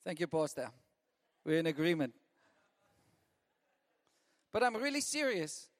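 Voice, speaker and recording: Male pastor, high voice, lively sermon delivery with frequent laughs, recorded in a reverberant church hall. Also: measured pace. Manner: lively preaching, laughing often, repeating lists.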